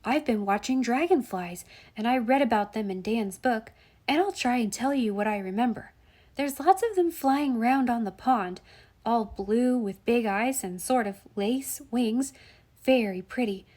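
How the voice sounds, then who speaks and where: A woman's voice: fairly high pitch, expressive, a little slow, darkish tone. A woman voicing an earnest young boy who eagerly tells what he saw of insects. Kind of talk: audiobook reading.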